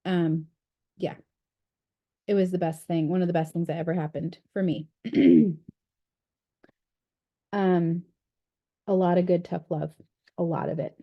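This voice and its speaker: A woman's voice: lowish voice, fairly even intonation, unhurried, pauses often, highs cut off. A woman leading a book study group over a video call, talking in a chatty, candid way with frequent fillers. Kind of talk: casual group discussion.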